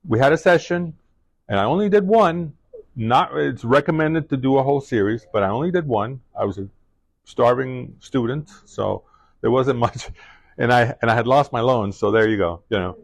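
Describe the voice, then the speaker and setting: A middle-aged man speaking to a class, telling a personal story in a halting way full of restarts and fillers. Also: medium pitch, expressive, creaky, no echo. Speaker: guest speaker.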